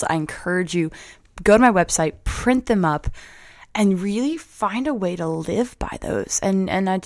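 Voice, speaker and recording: A woman in her thirties hosting a motivational podcast, warmly earnest and upbeat. Her voice sits a little low, and she doubles words when she gets excited. The sound is dry and close. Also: no echo. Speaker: podcast host.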